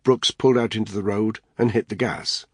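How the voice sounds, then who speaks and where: Deep husky male audiobook narrator. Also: steady tone, a little fast, dry recording, studio quality.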